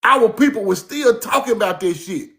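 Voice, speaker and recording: High-voiced man telling stories with animated emphasis. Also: moderate pace. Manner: animated, profane, repeats himself for emphasis. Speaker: speaker recounting his grandmother's teachings. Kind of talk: casual storytelling monologue.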